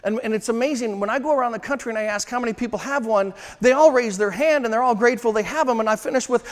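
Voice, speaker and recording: A man giving a sales training seminar to a live room, emphatic and slowing down to drive home his points. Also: very high-pitched. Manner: emphatic, slows down to stress points. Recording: long hall reverb.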